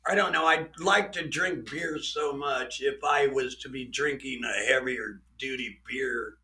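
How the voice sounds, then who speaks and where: A man's voice: medium pitch, unhurried, sharp tone, a little hiss or hum. A man hosting a podcast, telling crude jokes and stories in casual chat. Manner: crude, joking storyteller. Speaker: podcast host.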